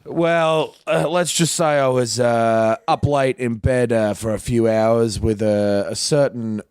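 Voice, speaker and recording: A man's voice: medium pitch, takes it slowly, a little mellow, clear, resonant tone, no echo. A man co-hosting a casual podcast chat, laid-back and laughing often, who swears freely and is coming down with a cold. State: getting sick, short on sleep. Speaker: podcast co-host. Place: in the UK, away from his Melbourne home.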